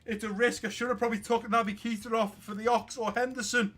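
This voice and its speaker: A gaming YouTuber with an extremely high-pitched voice plays a football video game and commentates for his viewers. He's excitable, quick to shout at the play, and addresses his audience as guys and lads.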